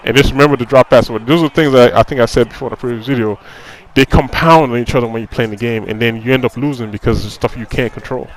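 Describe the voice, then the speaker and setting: A man talking over his football game footage in casual commentary at a middle pitch. He rants with frustration, circles back to the same complaints and fills gaps with "you know." His talk is loose and conversational. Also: quick pace, hardly any pauses, low-quality recording. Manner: repeats himself, fillers like "you know". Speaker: gaming commentator.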